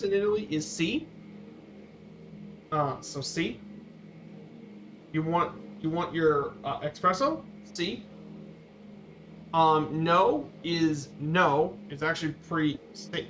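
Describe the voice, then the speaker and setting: A man streaming a flight simulator, giving a casual slideshow talk with halting, repeated words and fillers. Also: fairly high pitch, a bit bright. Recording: dull lo-fi stream audio with faint noise.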